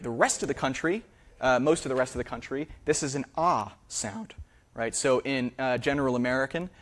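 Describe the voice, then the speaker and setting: Man lecturing, checking in with "right?". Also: medium pitch. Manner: explanatory, with frequent "right?" checks and "um" and "uh" fillers. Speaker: linguist giving a public history lecture. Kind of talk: lecture to a live audience. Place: theater during a speaker series.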